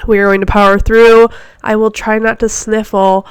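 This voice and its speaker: A woman's voice: medium pitch, level tone, moderate pace, smooth, no echo. Stuffy-nosed woman podcaster, chatty. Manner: chatty and rambling, many fillers. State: stuffy and nasal from a cold; short of breath. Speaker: podcast host and fitness coach. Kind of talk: casual solo podcast chat. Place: home office.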